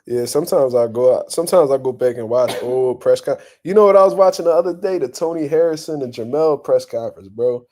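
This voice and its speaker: A young man hosting boxing talk, ranting bluntly and profanely in a casual, animated way and laughing often. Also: medium pitch, a little fast, hardly any pauses. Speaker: boxing commentary host.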